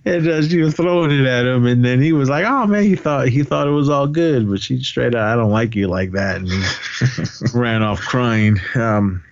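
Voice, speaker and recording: A man's voice: mid-range voice, moderate pace, vocal fry, clean tone, no room sound, highs cut off. A man co-hosting a podcast, casually retelling movie scenes, often laughing and swearing now and then. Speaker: podcast co-host. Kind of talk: casual movie recap chat.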